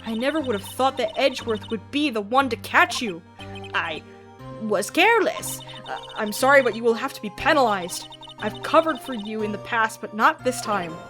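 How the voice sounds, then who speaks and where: Here is a woman playing a proud, stern chief prosecutor from a courtroom game. He speaks formally and coolly, in a bright, clear voice. Faint music plays behind him. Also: a little high, animated, normal speed.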